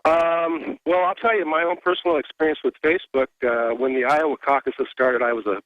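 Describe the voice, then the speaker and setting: A man's voice: a little high, steady tone, brisk, dry recording. Hesitant male caller on a phone line. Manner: hesitant, with fillers. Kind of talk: phone-in call.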